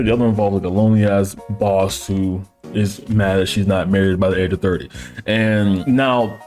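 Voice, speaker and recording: Dude reviewing an anime, crude slangy jokes, laughs a lot, faint music behind. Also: male voice, on the low side, a little mellow. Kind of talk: casual review commentary.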